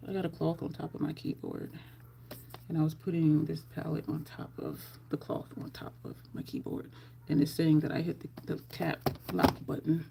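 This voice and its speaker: A woman's voice: low voice, level tone, normal speed, creaky, noisy background. A woman chatting casually through a makeup tutorial at home, rambling into side stories as she goes. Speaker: makeup vlogger.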